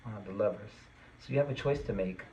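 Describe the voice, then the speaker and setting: A man's voice: on the low side, brisk, warm tone, lo-fi sound, slight background noise. A man giving a tarot reading to his viewers, earnest and reassuring, at times getting worked up and emphatic. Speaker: tarot reader.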